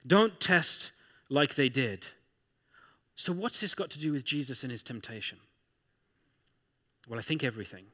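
A man's voice: mid-range voice, animated, normal speed, long pauses, bright, forceful tone, long reverb tail. A man preaching a sermon as pastor, talking through scripture in a conversational way with rhetorical questions.

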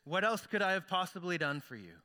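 A man voicing God in a parable, answering calmly and matter-of-factly. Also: high voice, quick pace, in a large hall, heavily acted. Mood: patient. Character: patient God answering a complaint.

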